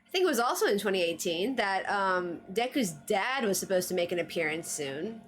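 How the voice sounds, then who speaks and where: A woman's voice: mid-range voice, sing-song, a little fast. A woman streamer chatting casually on a livestream, full of fillers and frequent laughs. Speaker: streamer reviewing anime trivia.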